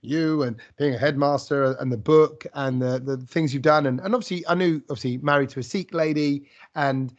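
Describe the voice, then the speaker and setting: A man hosting a casual podcast chat, his voice sitting a little high for a man. He tells stories with lots of restarts and bursts of energy. The recording sounds muffled and lo-fi. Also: normal speed, few pauses. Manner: rambling, animated storytelling with many restarts. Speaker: podcast host. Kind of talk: casual conversational interview.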